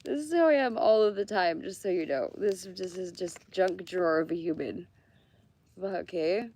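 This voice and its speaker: A woman's voice: fairly low pitch, moderate pace, a little mellow, a little hiss or hum. A middle-aged woman from Canada doing a casual live-stream tarot reading outdoors by a fire, chatty and swearing freely. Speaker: tarot card reader.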